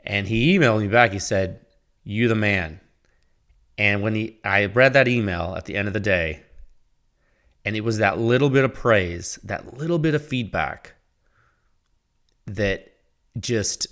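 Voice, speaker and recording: A man with a fairly low, slightly bright voice speaks unhurriedly, pausing often, as he hosts his own podcast. In this casual solo podcast talk he rambles and laughs at himself while reading his own sponsor plug.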